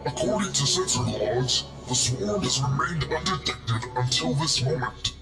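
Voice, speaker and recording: A man voicing a calm officer delivering clipped sensor reports. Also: mid-range voice, measured pace, faint music behind. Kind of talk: game cutscene voice acting. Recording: roomy echo.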